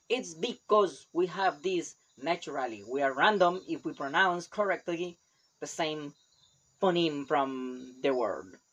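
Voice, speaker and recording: A man's voice: high voice, fairly bright tone. A man from Costa Rica, a native Spanish speaker, giving a casual language lesson in English with a Costa Rican Spanish accent and loose, chatty, proud phrasing. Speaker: language teacher.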